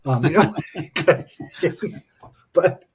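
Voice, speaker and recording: A man's voice: fairly high pitch, animated, drawn-out words, darkish tone, a little hiss or hum. A man speaking as a spiritual teacher in casual, reflective talk, telling personal stories in a thoughtful way. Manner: thoughtful, anecdotal storytelling.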